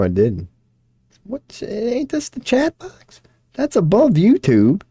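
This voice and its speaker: A man's voice: on the low side, warm tone, no room sound, clean studio sound. A young man streaming live, talking to himself and his chat in a rambling, self-deprecating way, full of slang and swearing. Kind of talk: casual livestream monologue.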